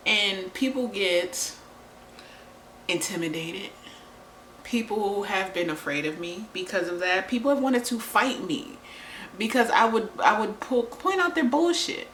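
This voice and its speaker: A woman's voice: mid-range voice, animated, a little slow, fairly bright tone, slight background noise. A woman vlogger talking candidly to camera, blunt and profane, laughing often. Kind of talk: candid relationship talk to camera. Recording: roomy echo.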